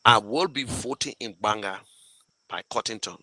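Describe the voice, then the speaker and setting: A man with a Liberian English accent talks casually to his viewers as host, in a bright, forceful voice. He is emotional and rambling, circling back and restarting often. The sound is close and dry, with no room around it. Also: on the low side, moderate pace, no echo, low-quality recording. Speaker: show host fundraising for a campaign. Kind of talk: casual live talk to viewers.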